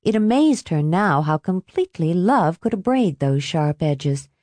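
A woman narrating a novel as an audiobook in a measured, even storytelling manner. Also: lowish voice, no room sound. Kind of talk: scripted narration.

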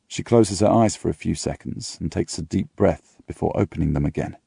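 A man reading a first-person novel aloud in a steady, intimate storytelling manner. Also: low voice, a little fast, vocal fry, few pauses, husky, dry recording, clean studio sound. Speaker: audiobook reader.

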